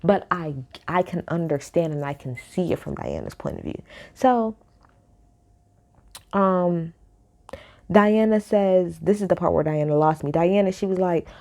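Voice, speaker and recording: A woman talks through a reality show episode, blunt and opinionated, cursing easily. Her voice sits a little low and has a mellow, relaxed tone. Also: measured pace, pauses often. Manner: blunt, animated, swears freely. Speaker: reality TV recap host. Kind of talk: casual opinionated recap.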